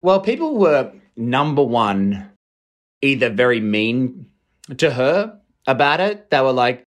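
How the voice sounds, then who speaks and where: A young adult man chatting casually as a podcast guest, lively and quick to slip into mocking voices. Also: medium pitch. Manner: animated, slips into mock voices. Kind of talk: casual chat.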